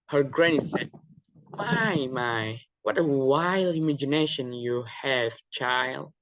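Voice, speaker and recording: A young man, a student, reading a fairy tale aloud in a halting way with small restarts and pauses. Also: medium pitch, no echo, low-quality recording. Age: young adult.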